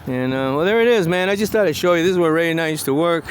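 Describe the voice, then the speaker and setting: A man's voice: a little high, animated, fast, a little hiss or hum. A man telling rambling stories in a casual walking vlog, acting out the voices he quotes, outdoors on a hillside street. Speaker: vlogger.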